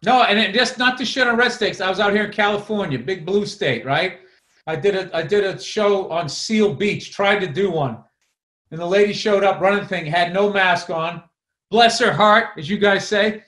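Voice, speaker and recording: High-voiced ranting man, roomy echo. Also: normal speed, fairly bright tone. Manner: profane, ranting. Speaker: podcast co-host. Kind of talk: casual chat.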